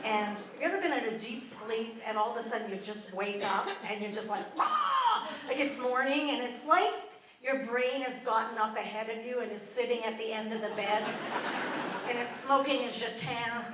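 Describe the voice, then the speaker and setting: A woman's voice: on the high side, normal speed, far from the mic, background noise. An older Canadian woman doing a self-deprecating stand-up routine on a theatre stage, chatting with the crowd. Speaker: stand-up comedian. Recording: roomy live venue mic, audience ambience.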